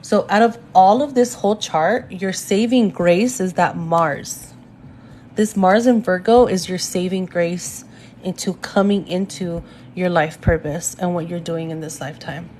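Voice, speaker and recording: A woman's voice: on the low side, unhurried, darkish tone, slight background noise. A young woman doing a live astrology reading from home on her phone, chatty and addressing viewers directly, often going off on tangents. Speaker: astrology reader. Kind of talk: live-stream reading, casual chat.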